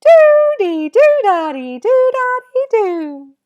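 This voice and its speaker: A woman music teacher putting on a squeaky, very high silly voice for children to copy. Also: sing-song, takes it slowly, muffled recording, exaggerated voice. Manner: squeaky, playful.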